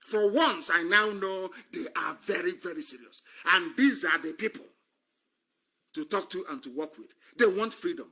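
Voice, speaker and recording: A man's voice: high-pitched, normal speed, bright, forceful tone. A man speaking on a live stream, delivering an impassioned political monologue, scornful and emphatic, who repeats phrases for effect. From Nigeria.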